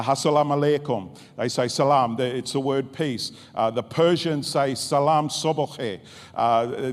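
A man preaching a sermon in an earnest, deliberate way, repeating key phrases and restarting his sentences. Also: mid-range voice. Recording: long hall reverb.

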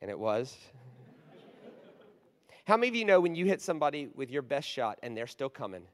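A man in his forties preaching a storytelling sermon, animated, moving from hushed asides to loud bursts. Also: mid-range voice, brisk. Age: 40s. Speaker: guest preacher. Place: large church hall. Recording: long hall reverb.

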